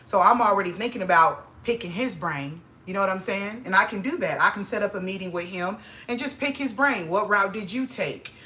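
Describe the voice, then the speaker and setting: Bright-voiced young woman, excitable and slangy. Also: fairly quick, few pauses. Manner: excitable, slangy, grows loud and high when hyped. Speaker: vlogger. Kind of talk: casual chat to camera.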